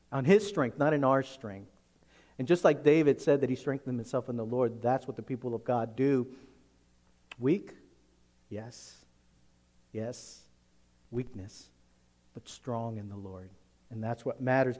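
Animated preaching man, mellow voice. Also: medium pitch. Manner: animated preaching, rising loud to mock the enemy, dropping soft. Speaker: pastor. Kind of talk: sermon.

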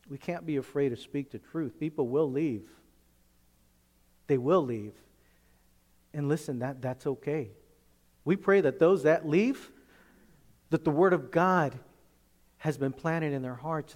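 A male pastor preaching a sermon emphatically, swinging from loud, forceful lines to hushed ones. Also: a little high.

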